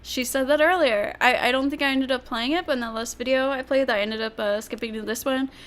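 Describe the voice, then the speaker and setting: Brief: woman streamer, fairly high voice, blunt and foul-mouthed ranting commentary. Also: fast talker, fairly bright tone, a little hiss or hum. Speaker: streamer reacting to clips. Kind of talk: casual livestream commentary.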